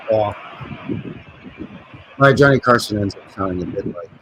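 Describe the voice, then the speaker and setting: A man's voice: on the low side, a bit bright, slight background noise. A man with a Canadian accent, hosting a livestream in a rambling, chatty way and often correcting himself. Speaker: host. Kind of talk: casual livestream commentary.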